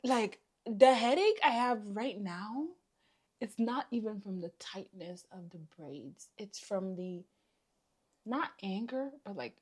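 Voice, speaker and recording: A woman's voice: medium pitch, animated, slow, breathy edge. A woman vlogging casually to camera, venting in a tired, exasperated way while hungry. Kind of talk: casual storytime vlog. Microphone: camera mic facing a monitor.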